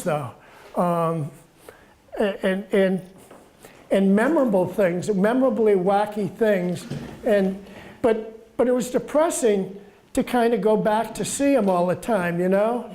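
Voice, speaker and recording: Soft-spoken man in his seventies. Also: high voice, lively intonation, slight background noise. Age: 70s. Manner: halting, repeats words, chuckles through stories. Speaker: guest author. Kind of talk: casual storytelling talk.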